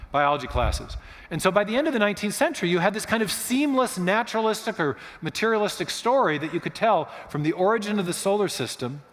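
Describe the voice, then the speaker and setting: A man with a fairly high voice tells a history lecture as a guest speaker in a church, lively in how he builds his points and clearing his throat now and then. His voice rings out with a long hall reverb around it. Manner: animated storyteller, clears throat often. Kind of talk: lecture-style storytelling talk. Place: church auditorium.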